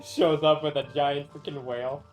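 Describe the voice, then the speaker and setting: A man's voice: on the high side, flat delivery, normal speed, soft background music, low-quality recording. A man streaming a game, chatting casually with a friend and laughing often between rambling asides. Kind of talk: casual gameplay chat.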